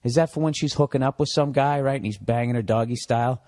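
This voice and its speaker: A man's voice: medium pitch, fast, a little mellow, no echo, studio quality. A middle-aged man with a Boston accent ranting solo on his podcast, profane and sarcastic, asking and answering his own questions. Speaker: podcast host. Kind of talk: solo comedic rant.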